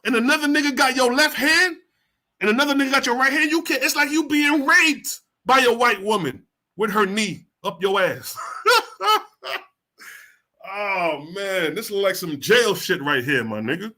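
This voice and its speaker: A man's voice: sits high, lively intonation, normal speed, pushed and bright. A man hosting a reaction show, preaching heatedly and firing off rhetorical questions, with heavy profanity. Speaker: host reacting to a video. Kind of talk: profane street-preaching commentary.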